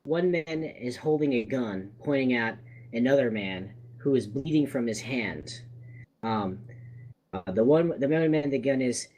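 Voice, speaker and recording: Acting as game master for a tabletop game, a man narrates in a relaxed manner packed with fillers. His voice is medium-pitched and his speed is normal.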